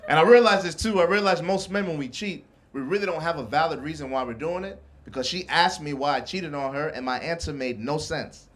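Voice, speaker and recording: A man's voice: a little high, fairly quick, few pauses. A young man from the Bronx, doing a brash, profane stand-up set and teasing the crowd from a club stage. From the Bronx, New York. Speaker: stand-up comedian. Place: comedy club stage before a live audience.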